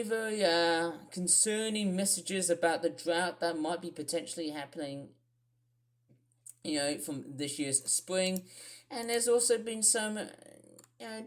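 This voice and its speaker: A woman's medium-pitched, darkish voice carries an Australian accent. She's a weather vlogger rambling through informal commentary on her own channel, thinking aloud with frequent fillers and asides.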